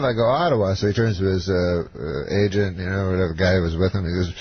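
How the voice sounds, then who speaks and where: A man from Canada, a comedian guest, telling a rambling deadpan story on a radio show with lots of fillers and restarts. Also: low-pitched, quick pace, hardly any pauses, breathy edge, dull audio.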